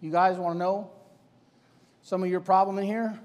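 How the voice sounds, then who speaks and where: High-voiced preacher in an echoing hall. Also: male voice, fairly even intonation, moderate pace, a little mellow. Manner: emphatic, rhetorical questions, colloquial. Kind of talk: sermon to young people. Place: church sanctuary. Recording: long church hall reverb.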